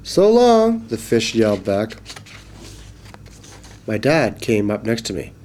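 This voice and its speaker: A man narrating a children's storybook in a clear, measured read-aloud manner. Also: lowish voice, fairly even intonation, a little mellow.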